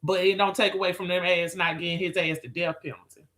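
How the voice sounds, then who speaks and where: A woman's voice: lowish voice, fairly even intonation, fast talker, a bit bright. A woman chatting with viewers on a live stream, sassy and profane, calling people girl, child and honey. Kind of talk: casual live-stream chat.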